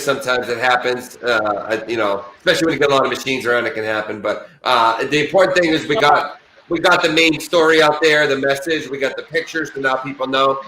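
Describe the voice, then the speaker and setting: A man's voice: medium pitch, bright, forceful tone. A man hosting an interview over a video call, speaking in a careful, reassuring, explanatory way. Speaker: host. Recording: roomy sound with faint background hiss.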